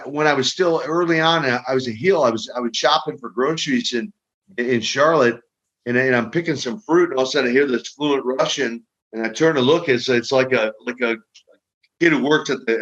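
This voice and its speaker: An older man, a guest on an interview show, telling lively stories and often repeating his words as he goes. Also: mid-range voice. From Minneapolis, US Midwest. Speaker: guest, retired pro wrestler. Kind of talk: casual storytelling interview. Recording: dull lo-fi audio.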